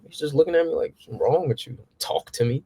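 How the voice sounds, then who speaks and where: A young man tells animated stories in a casual chat, acting out his past exchanges with rising pitch. He talks fast in a husky voice, with no room sound.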